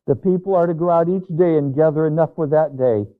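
A man's voice: on the high side, fairly quick. A man preaching a Bible teaching sermon as pastor, earnest and emphatic, stretching out words for weight. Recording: tinny phone-like audio.

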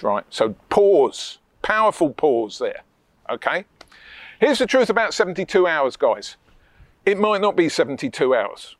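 A man coaching property investors in an energetic training talk. He is emphatic, repeats key points and often tags on questions. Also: a little high, dry recording. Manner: emphatic and repetitive, with tag questions.

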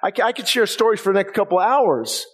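Speaking fast in a high voice with lively intonation, this man delivers a sermon as a pastor. His passionate, conversational style keeps circling back to the same phrases, and the sanctuary gives a long, echoing reverb.

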